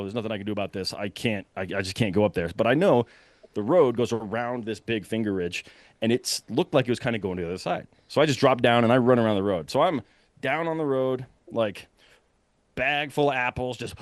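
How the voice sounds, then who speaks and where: A young man casually telling a long story, animated and breathless, full of fillers and quick laughs. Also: medium pitch, dry recording. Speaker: podcast guest telling a hunting story.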